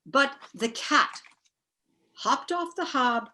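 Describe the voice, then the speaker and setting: A woman with a high, bright voice spins a folksy tale in an Irish accent, lively and playful, over a video call. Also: slow. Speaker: storyteller. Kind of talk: live storytelling performance.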